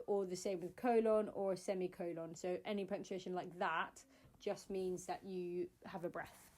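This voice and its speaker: A woman's voice: medium pitch, a little mellow. A woman teaching a singing lesson step by step, explaining patiently with many fillers.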